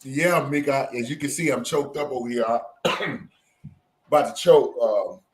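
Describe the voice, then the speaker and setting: A man hosting an online talk show, laughing often and halting over his words. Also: medium pitch. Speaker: host. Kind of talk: casual chat.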